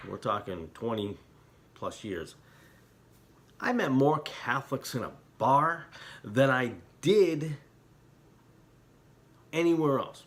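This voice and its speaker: A middle-aged man talking as an internet preacher, heated and emotional in places, quiet and somber in others. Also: mid-range voice. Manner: heated, talks with rising emotion and repeated apologies; quiet and somber when reflecting. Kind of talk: impassioned religious commentary.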